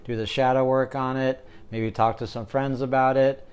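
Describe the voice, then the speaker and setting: A man's voice: mid-range voice, level tone, normal speed, clean tone. A young man giving a casual tarot reading, joking and rambling, often checking in with "right?". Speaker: tarot reader.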